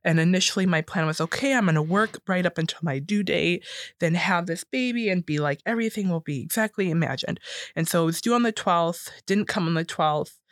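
Animated woman telling a personal story. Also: a little fast, no room sound, studio quality. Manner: animated, acts out quoted voices higher. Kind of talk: casual storytelling.

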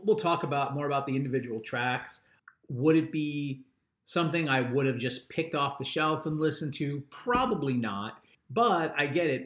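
A man's voice: medium pitch, fairly bright tone. An older man, a father and regular panelist on a podcast, musing through an album review in a rambling way, often restarting his sentences. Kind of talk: casual chat, album review. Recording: roomy echo.

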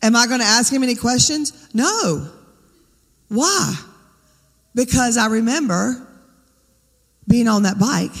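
A woman's voice: on the high side, lively intonation, slow pace, pauses often, long reverb tail. A woman preaching a sermon, talking conversationally and firing rhetorical questions at the congregation. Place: church sanctuary.

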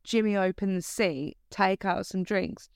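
A woman's voice: medium pitch, a little slow, clear, resonant tone, no room sound, clean studio sound. A woman co-hosting a casual podcast chat, teasing and blunt, with some swearing. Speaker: podcast co-host.

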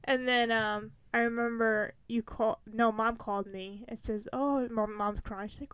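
A young woman with a fairly high voice, chatting casually as a co-host. She tells stories in an animated way and acts out everyone's lines with big jumps in pitch and loudness. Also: moderate pace, few pauses, smooth, no room sound. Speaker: podcast co-host. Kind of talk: casual chat.

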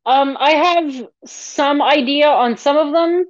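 A woman's voice: sits high, slow pace, dry recording, lo-fi sound. A woman co-hosting a podcast in casual chat, talking freely and leaning on "like" as she thinks aloud. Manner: chatty, leans on "like" as a filler. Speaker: podcast co-host.

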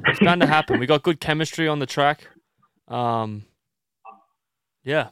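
A man co-hosting a podcast, joking playfully in casual chat. His voice is smooth and clear at a middling pitch, recorded close with a dry sound. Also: a little slow, a bit bright, no room sound. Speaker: podcast co-host.

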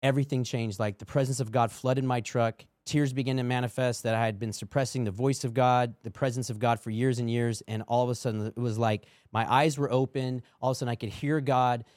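A man's voice: medium pitch, fairly even intonation, brisk, few pauses, a little mellow, dry recording, clean studio sound. A middle-aged man, a podcast guest, telling his faith testimony in earnest casual chat and acting out quoted dialogue.

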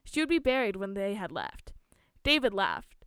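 Clear-voiced woman reading a spooky story. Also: medium pitch, wildly swooping pitch, normal speed, a bit bright, dry recording. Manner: reads with small slips and restarts.

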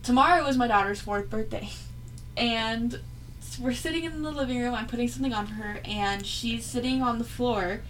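A woman's voice: on the high side, moderate pace, a bit bright, slight background noise, rough recording. A woman co-hosting a podcast in casual chat, telling stories animatedly, laughing often and swearing freely. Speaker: podcast co-host.

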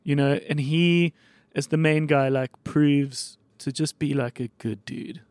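A male podcast host in casual chat, rambling quickly with lots of fillers and the odd swear. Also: fairly high pitch, fairly even intonation, darkish tone, clear, resonant tone, no room sound. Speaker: podcast host running a mock video store.

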